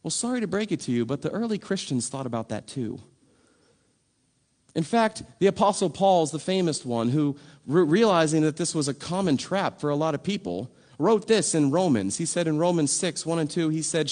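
A man's voice: a little high, expressive, brisk, a little mellow. A man preaching a sermon in a conversational, emphatic way, full of rhetorical questions. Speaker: pastor.

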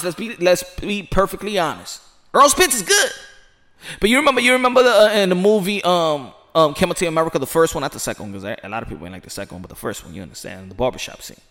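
A man giving casual, excited commentary outdoors, rambling and repeating himself with sudden loud outbursts. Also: sits high. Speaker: sports commentary vlogger.

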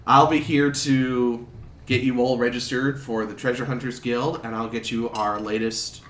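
A man's voice: mid-range voice, little pitch movement, moderate pace, a bit bright, close to an everyday voice. Man voicing a fussy guild clerk. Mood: officious. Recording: roomy, distant mic with faint noise.

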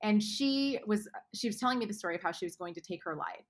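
A woman guest author speaking earnestly in a faith podcast conversation, often dropping to hushed tones. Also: medium pitch, lively intonation, quick pace.

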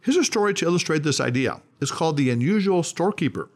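A man hosting a self-help podcast, reading a script in an emphatic, measured way and slowing down on key words. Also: on the high side, expressive.

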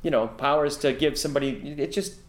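A man co-hosting a casual movie review podcast, animated and talking over the others. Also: mid-range voice, fairly quick, echoey room. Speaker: podcast co-host.

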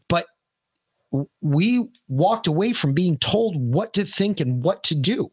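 A man co-hosting a political podcast, ranting heatedly and swearing, often breaking into shouts. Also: on the high side, lively intonation, a little slow, husky. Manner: profane, heated, shouting rants. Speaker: podcast co-host.

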